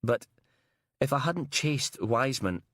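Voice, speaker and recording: A man's voice: medium pitch, animated, unhurried, a bit bright, no room sound, voice pushed up. A male narrator voicing a weary, cautious male detective sergeant who picks his words carefully. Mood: wary. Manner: careful, reluctant.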